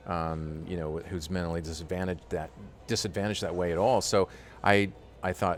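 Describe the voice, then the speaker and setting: A man with a low, grounded voice talks as a guest in a relaxed interview. He tells his stories with energy and fills his pauses with "uh" and "you know". The delivery is loose and conversational. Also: slight background noise. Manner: animated storyteller with frequent fillers. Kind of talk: casual interview chat.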